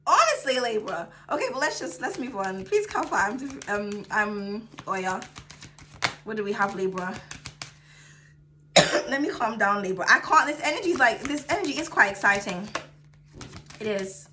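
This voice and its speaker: A woman giving a casual tarot reading to camera, sassy and chatty, swearing freely and calling her viewers darling, swinging between excited outbursts and low soothing asides. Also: normal speed, long pauses, a little hiss or hum. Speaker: tarot reader.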